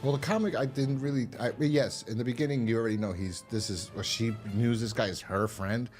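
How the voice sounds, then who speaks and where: A man's voice: a little fast, darkish tone, faint music behind. A man hosting a podcast, chatting casually and profanely through an episode review, breaking into quoted lines. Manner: rambling, profane, acts out quotes in a higher voice. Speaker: podcast host.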